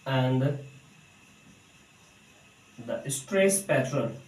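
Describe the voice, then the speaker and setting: A man teaching an English lesson to students, speaking haltingly with many fillers. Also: mid-range voice, lively intonation, a little mellow. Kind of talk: recorded English lecture. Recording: echoey room, distant mic.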